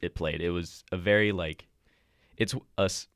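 A man's voice: low voice, fairly even intonation, normal speed, a bit bright, dry recording, clean studio sound. A young man from Canada, a podcast guest talking in a thoughtful, hesitant way with many fillers. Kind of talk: casual podcast chat.

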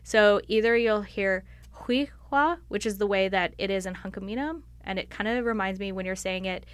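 A woman's voice: medium pitch, fairly even intonation, brisk, smooth, no room sound. A woman on staff answering interview questions in a thoughtful, explanatory way, often using "like" as a filler. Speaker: library staff member.

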